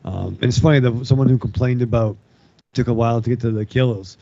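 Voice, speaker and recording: A man chatting casually about a horror film on a podcast, halting and laughing, with casual swearing. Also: medium pitch, gravelly, mellow, no echo, muffled recording.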